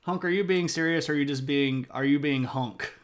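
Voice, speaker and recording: A man's voice: on the high side, a little fast. A man streaming live, chatting casually with viewers in a playful, self-mocking way. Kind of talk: casual chat reading viewer comments.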